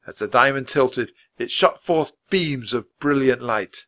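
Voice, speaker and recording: Man storybook reader, bright and clear, measured pace. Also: medium pitch. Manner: clear, measured, expressive reading. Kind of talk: reading aloud a children's book.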